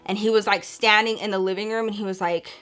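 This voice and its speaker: Brief: young woman, vivid storyteller, bright forward tone, chatty and animated, talks straight to her audience. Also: mid-range voice, fast talker, faint music behind. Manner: animated, acts out quoted voices, addresses viewers as y'all. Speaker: storytime vlogger. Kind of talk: casual storytelling.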